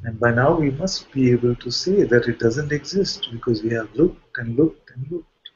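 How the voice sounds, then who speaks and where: A man's voice: mid-range voice, moderate pace, husky, highs cut off. A man, a spiritual teacher, giving a playful, questioning satsang talk with light jokes.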